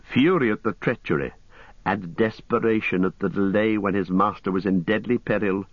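A man with a very deep voice reads a story aloud in a grave, deliberate manner. He paces the tense passages carefully. The recording is dry, with no room sound, and a dull, lo-fi tone. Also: no echo. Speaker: audiobook narrator. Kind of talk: scripted dramatic narration.

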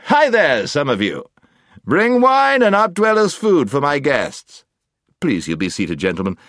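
A man's voice: lowish voice, sing-song, unhurried, dry recording, clean studio sound. A man voicing a hearty, courtly knight in an audiobook, with a boastful manner. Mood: grandiose. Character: grandiose laughing male knight, courtly. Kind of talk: audiobook character voice.

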